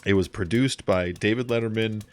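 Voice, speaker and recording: A man chatting casually while playing a game, laughing as he retells comedy bits. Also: normal speed. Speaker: gameplay streamer. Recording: noisy with engine rumble.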